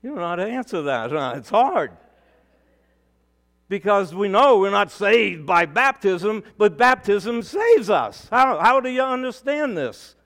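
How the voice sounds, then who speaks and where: A male pastor delivering a sermon, preaching with emphatic rises and sudden quiet drops. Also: sits high, sing-song, unhurried.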